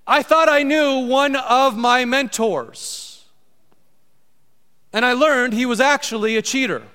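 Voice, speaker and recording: A man's voice: very high-pitched, takes it slowly, bright, forceful tone, smooth. A middle-aged man preaching a sermon as pastor, emphatic and repeating key lines for stress. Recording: long hall reverb.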